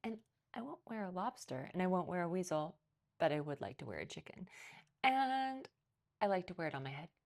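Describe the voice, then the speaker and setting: A woman voicing a timid, quiet lady who speaks in a tiny, hesitant voice. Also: on the low side, sing-song, fairly quick, creaky.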